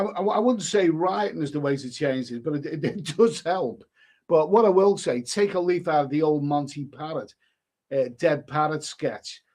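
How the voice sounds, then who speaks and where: A man's voice: fairly high pitch, a little mellow. A man hosting a casual live stream, reading viewer comments aloud and answering them with rambling, chuckling asides and many restarts.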